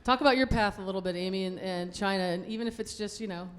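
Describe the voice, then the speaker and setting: A woman moderating a live panel, speaking in a quick, chatty and joking way. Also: medium pitch. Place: event venue with audience.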